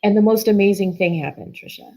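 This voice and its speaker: A woman's voice: mid-range voice, steady tone, quick pace, darkish tone, rough recording. A middle-aged woman guest telling a personal story in an earnest, emotional way, often restarting her sentences.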